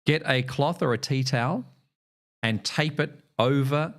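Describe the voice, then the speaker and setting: A man's voice: mid-range voice, unhurried. Australian man telling a rambling story. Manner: meandering storyteller, many ums and uhs. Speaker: streamer. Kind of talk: casual stream chat.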